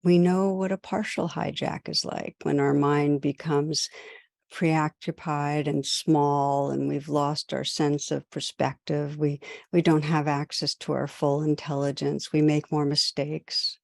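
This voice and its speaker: A woman who teaches meditation and hosts a podcast gives a recorded talk in gentle, measured short phrases broken by pauses. Her voice is deep and level, with vocal fry, and there is no room sound.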